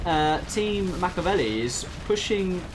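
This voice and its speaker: A man's voice: sits high, expressive, unhurried, noisy background. A man, casting a strategy game tournament in a chatty, laughing commentary style. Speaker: game caster. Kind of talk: casual esports commentary.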